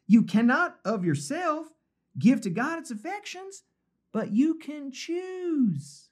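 A man's voice: very high voice, very animated, slow, pitched above the performer's own voice, full character voice. A man voicing a sweet, reassuring Southern belle woman with a Southern US accent, coaxing and drawling, calling the listener honey and sugar. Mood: soothing.

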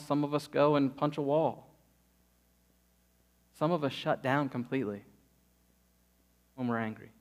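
A man in his thirties preaching a sermon, telling stories and acting out quotes with lively energy. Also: on the high side. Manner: lively storytelling, acts out quotes. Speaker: pastor.

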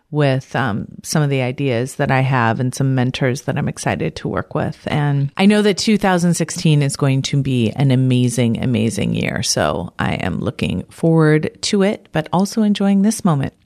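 A woman talks alone to her listeners in a relaxed, chatty way, often laughing. Her voice sits low. The sound is close and dry, with no room echo. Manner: warm, chatty, laughs easily. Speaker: podcast host and life coach. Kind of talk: casual solo podcast talk.

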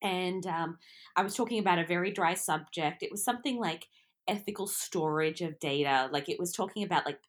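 A woman's voice: on the low side, a little fast. Giggly Australian woman, casual chat. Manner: giggly, self-deprecating, stumbles over words. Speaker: podcast co-host.

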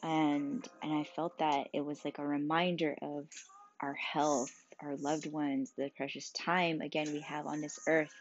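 A tired young mother talking candidly and emotionally, swearing often, speaking quietly as her child sleeps beside her. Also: low voice, little pitch movement, measured pace, muffled recording, a little hiss or hum. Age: young adult. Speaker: mother vlogging about her sick child. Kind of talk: casual personal vlog.

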